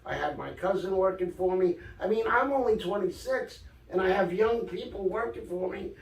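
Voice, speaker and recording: A man's voice: sits high, moderate pace, vocal fry. An older man from Brooklyn, animatedly telling stories from his life as a guest in an interview. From Brooklyn, New York. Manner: animated storyteller, acts out quoted dialogue. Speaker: guest author. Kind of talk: casual storytelling interview. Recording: echoey room, distant mic.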